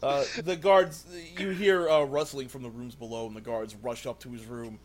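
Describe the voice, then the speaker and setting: A man's voice: medium pitch, steady tone, moderate pace, crowd noise. A man running a tabletop game as game master, narrating casually with many fillers.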